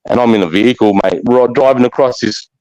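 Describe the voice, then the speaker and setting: A middle-aged Australian man, a former soldier, telling war stories in casual, rough-spoken chat, swearing freely and trailing off into fillers. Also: medium pitch, fast, a little mellow, no echo, low-quality recording. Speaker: army veteran guest.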